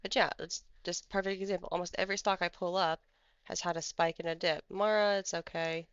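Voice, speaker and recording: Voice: medium pitch, flat delivery, fairly quick, a bit bright, smooth, dry recording, muffled recording. A livestream host giving casual stock trading commentary, rambling and thinking aloud while pulling up charts. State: has the hiccups.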